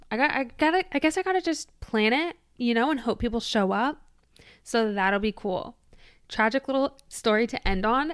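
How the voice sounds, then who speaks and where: A medium-pitched, clean voice belongs to a young Michigan podcaster in her twenties chatting casually on her solo show. She's bubbly and gushing, with frequent "like"s, recorded dry at studio quality.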